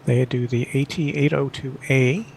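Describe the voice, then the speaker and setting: A man's voice: medium pitch, steady tone, normal speed, vocal fry, darkish tone, slight background noise. Man rattling off aircraft details. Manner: reels off details with many fillers. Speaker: player in a group flight stream. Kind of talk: casual gaming chat.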